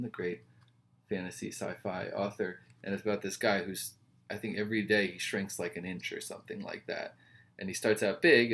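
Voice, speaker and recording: A man's voice: low-pitched, creaky. A man reviewing comic books in casual chat, rambling with wry, joking asides.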